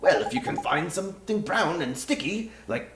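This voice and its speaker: A man's voice: high-pitched, animated, moderate pace, voice pushed up. Man doing a cheeky little Irish fairy. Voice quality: loud, lilting, cheeky. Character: small cheeky male fairy, fibbing and flippant. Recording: roomy room with game music.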